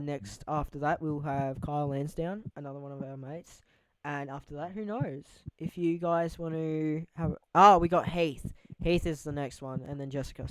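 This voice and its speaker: A man's voice: on the high side, smooth, no echo, rough recording. A young man hosting a casual podcast, rambling loosely and swearing freely. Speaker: podcast host. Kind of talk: casual chat.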